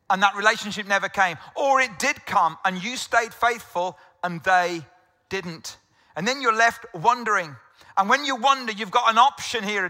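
A man in his fifties from the UK preaches a sermon, earnest and quick to repeat himself when he gets going. His voice sits high and cuts through brightly. A long reverb trails behind him. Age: 50s. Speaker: pastor.

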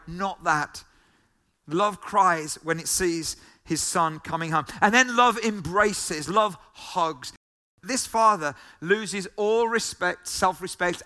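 A man's voice: high-pitched, pushed and bright. A man preaching a sermon, emphatic, repeating key phrases and asking the listeners questions. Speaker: pastor.

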